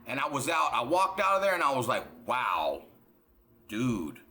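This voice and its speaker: A fired-up man talking straight to his viewers with a bright, forceful edge and a slightly raised pitch. He swears freely and hammers his points home, repeating words for emphasis, in a casual reaction-video monologue. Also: lively intonation, quick pace. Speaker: reaction channel host.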